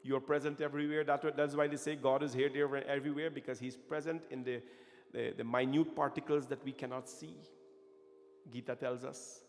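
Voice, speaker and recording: A man's voice: medium pitch, fairly even intonation, normal speed, creaky. A man telling a devotional story as a sermon, impassioned and often calling his listeners friends. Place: temple hall. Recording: reverberant hall with faint music.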